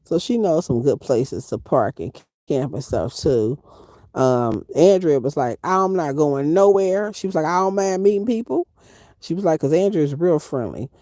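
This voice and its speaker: A woman's voice: sits low, moderate pace, no room sound, studio quality. A middle-aged woman live-streaming from inside her van, chatting casually and reading viewer comments aloud. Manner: animated, chatty, reads chat aloud, Southern Black vernacular grammar. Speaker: van-dwelling travel vlogger.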